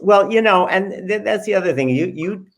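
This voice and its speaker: A man hosting a casual interview, talking in halting, friendly bursts with many restarts. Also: high-pitched, lively intonation. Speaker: host. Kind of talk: casual chat.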